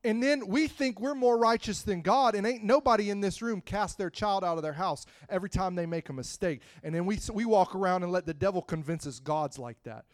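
A man preaching a sermon, moving from quiet, close talk to loud, rising preaching and calling out to the congregation. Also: sits high, a little fast, hardly any pauses, no room sound. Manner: calls out to the congregation.

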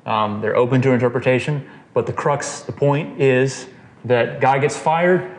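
A man's voice: medium pitch, measured pace. Casual man teaching a Bible group. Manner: casual, quizzes the group, frequent "okay" and "right". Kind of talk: conversational scripture teaching. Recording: roomy echo, faint noise.

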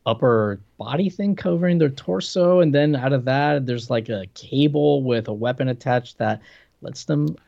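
Male podcast co-host, gravelly mid voice, halting delivery, muffled recording. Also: mid-range voice, a little mellow. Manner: hesitant, restarts, quick agreeing interjections. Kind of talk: casual comic book chat. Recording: dull lo-fi sound.

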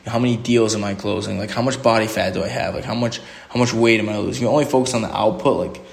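Quick-paced and steady in tone, a young man's fairly low, creaky voice carries his solo podcast's motivational monologue. It meanders, packed with "like" and frequent restarts.

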